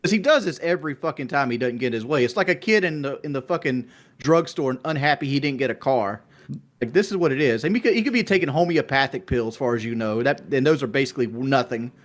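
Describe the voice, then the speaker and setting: A man's voice: medium pitch, animated, quick pace. A blunt man on a podcast, dismissive and swearing.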